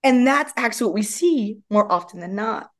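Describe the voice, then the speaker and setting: Animated woman telling stories as a guest. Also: on the high side, moderate pace. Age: young adult. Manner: animated, acts out quoted dialogue. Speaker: guest, movement method founder. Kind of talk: casual storytelling interview.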